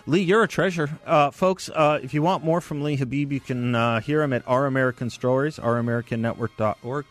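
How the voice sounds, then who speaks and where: A man hosting a talk radio show who interviews a guest and reads the station's phone number, speaking conversationally with quick affirmations. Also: medium pitch, faint music behind.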